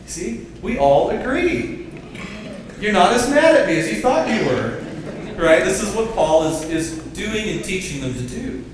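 Engaging pastor preaching in echoey church. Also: male voice, high-pitched, big pitch swings, measured pace, a little hiss or hum. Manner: engaging, draws the congregation into call-and-response. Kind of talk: sermon. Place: church sanctuary. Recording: very echoey church hall, distant mic.

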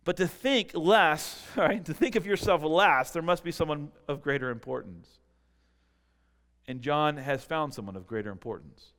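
A pastor delivering a sermon, swinging between loud, emphatic preaching and quiet, close asides. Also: male voice, a little high, moderate pace, big-room sound.

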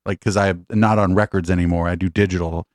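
Rambling, profane man with a low voice. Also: fairly even intonation, fairly quick, no room sound, clean studio sound. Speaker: musician. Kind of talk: casual interview.

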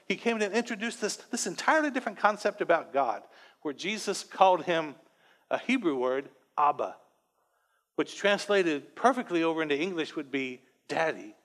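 Male pastor, high voice, emotional and rambling sermon with self-deprecating jokes, long hall echo. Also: lively intonation, moderate pace, fairly bright tone. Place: church sanctuary. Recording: long church-hall reverb.

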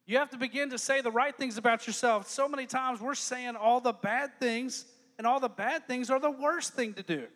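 A man preaching a lively youth sermon as pastor, joking and acting out quoted lines in changing voices. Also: very high-pitched, moderate pace, long reverb tail.

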